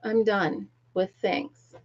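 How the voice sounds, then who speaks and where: A woman's voice: mid-range voice, expressive, takes it slowly. A middle-aged woman chatting casually to viewers on a livestream, telling stories and laughing often. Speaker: livestream host. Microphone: laptop mic. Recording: dull lo-fi laptop audio.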